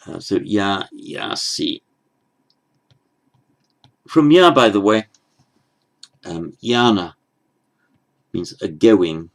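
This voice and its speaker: A man teaching at a very unhurried pace, his low voice gravelly with fry. He goes through the text bit by bit, stressing each foreign word slowly and clearly before he explains it. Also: animated. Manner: slow, careful, stepwise explaining; pronounces foreign words slowly with emphasis. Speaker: Sanskrit teacher. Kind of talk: lecture.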